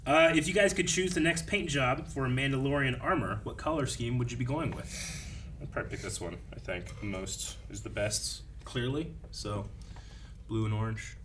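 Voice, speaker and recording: A man hosting a casual group discussion, relaxed and chatty, thinking aloud. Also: medium pitch, normal speed, recorded from a distance, noisy background. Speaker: host.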